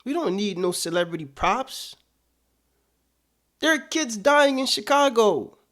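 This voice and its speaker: A man with a notably high voice delivers political commentary. He talks in an emphatic, indignant way and hammers his points home by repeating them. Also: lively intonation, a little slow, a bit bright.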